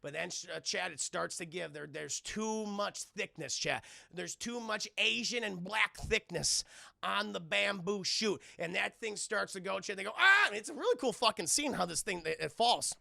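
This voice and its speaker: Gravelly, bright-voiced male streamer. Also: normal speed, no room sound. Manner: animated and profane, acting out characters' lines with shrill squeals; talks straight to his chat, thanking viewers. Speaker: streamer reviewing a film. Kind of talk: live-stream film recap.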